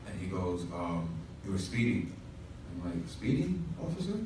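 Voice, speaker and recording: A man's voice: deep voice, fairly even intonation, measured pace, background noise. A man pastor telling a humorous story in a sermon, with asides to the congregation. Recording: echoey room from far off.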